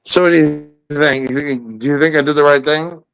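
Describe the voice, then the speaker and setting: A man's voice: on the high side, fairly quick, fairly bright tone, poor audio. A man hosting a show, telling a rambling story in casual chat, hesitant, with many restarts. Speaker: host.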